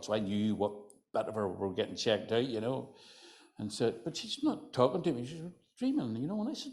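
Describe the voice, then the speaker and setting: An older man with a County Antrim accent telling folk yarns to a live room. He chats and teases, peppering everything with "you know". His voice sits at an ordinary mid pitch. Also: animated, fairly quick, darkish tone. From County Antrim, Northern Ireland. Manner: chatty, teasing, lots of "you know". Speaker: folklorist storyteller. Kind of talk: live humorous storytelling. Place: hotel function room.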